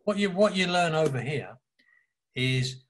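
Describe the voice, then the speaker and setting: A man with an East London Cockney accent, telling blunt, animated stories as an author guest in a casual interview. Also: a little high, a little slow, noisy background. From England. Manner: blunt, animated storyteller who swears.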